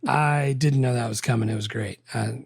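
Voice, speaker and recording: A man co-hosting a podcast in casual chat about movies, relaxed and full of fillers. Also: medium pitch, normal speed, gravelly, husky, dry recording, clean studio sound. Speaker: podcast co-host.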